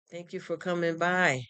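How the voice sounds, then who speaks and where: A live streamer in casual chat who talks in a warm, rambling, heartfelt way with many restarts. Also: medium pitch, smooth, no echo. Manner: greets chat viewers by name and thanks them. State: choked up, near tears.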